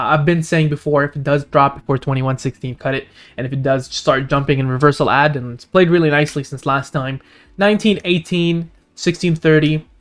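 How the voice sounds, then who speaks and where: A man hosting a stock analysis channel, walking through chart indicators and price levels, his voice going hoarse. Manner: rapid figures and indicator names, pitch jumping up on key points. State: losing his voice. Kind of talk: screen-share chart walkthrough.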